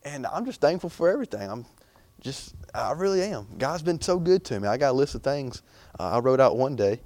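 A man's voice: medium pitch, sing-song, a little fast, a little mellow, dry recording. A young man preaching an informal sermon in a chatty, rambling way, full of fillers and restarts.

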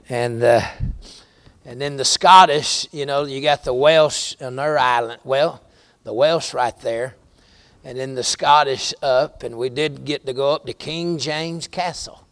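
Man, Southern American accent, pastor, sermon, folksy storytelling, slow delivery. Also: medium pitch, fairly bright tone, no room sound. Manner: folksy storytelling with rising preacher emphasis.

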